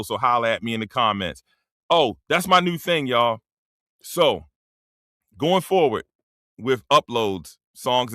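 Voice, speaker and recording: A man's voice: medium pitch, bright, forceful tone, dry recording, clean studio sound. Blunt, cussing man around fifty. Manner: blunt, profane, rambling; drops into dialect slang. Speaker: streamer. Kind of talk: casual monologue.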